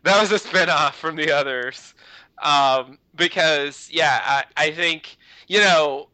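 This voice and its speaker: Podcast co-host, male, somewhat high and very bright, rambling casual talk. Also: takes it slowly, no room sound, rough recording. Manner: rambling, lots of "you know" fillers. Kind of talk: casual chat.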